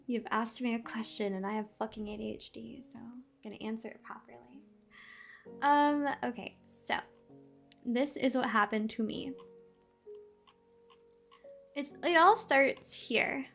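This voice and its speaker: A woman streamer in a casual live-stream rant, animated, swearing a lot and laughing often. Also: fairly high pitch, measured pace, vocal fry, long pauses, soft background music. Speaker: VTuber streamer.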